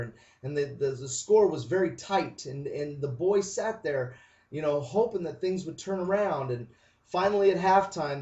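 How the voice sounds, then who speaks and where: A man's voice: on the high side, darkish tone. Inspirational speaker, male, dramatic storyteller; distant, echoey, muffled lo-fi recording. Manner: dramatic, acts out the voices of people in his story. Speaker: motivational speaker. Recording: distant, roomy, dull lo-fi sound.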